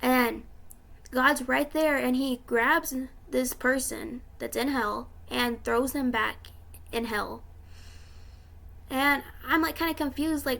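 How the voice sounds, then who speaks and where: A woman's voice: sits high, slow, gravelly, fairly bright tone. A young woman vlogger telling about a dream in a casual, rambling way, full of fillers, tearful and emotional.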